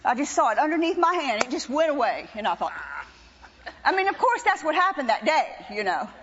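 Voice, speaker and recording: Older woman preaching her testimony, high voice. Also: brisk, big-room sound, lo-fi sound, noisy background. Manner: animated, teasing, wry storytelling. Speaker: preacher's wife giving testimony. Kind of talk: sermon testimony to a congregation.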